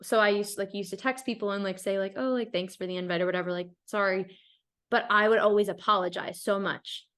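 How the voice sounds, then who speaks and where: This is a young woman in casual podcast conversation, chatty and open. Her pitch sits in a middle range for a woman, and her talk is loose and full of "like" fillers. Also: brisk, clear, resonant tone. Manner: chatty, frequent "like" fillers, animated. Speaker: podcast guest. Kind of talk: casual chat.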